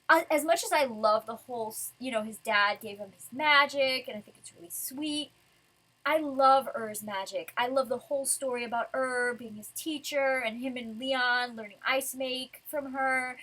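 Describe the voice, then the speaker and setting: A woman's voice: fairly high pitch, pushed and bright, breathy edge. A young woman reviewing a comic chapter in casual, rambling fan commentary, swearing now and then. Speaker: manga reviewer.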